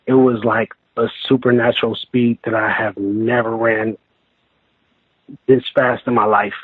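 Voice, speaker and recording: A man recounts his story over the phone, his voice slightly husky and squeezed through a thin, tinny line. He talks in a halting, rambling way and often restarts his sentences. The sound is dry and close, with no room around it. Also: mid-range voice, little pitch movement, no echo. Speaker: guest telling his encounter. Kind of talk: casual storytelling interview.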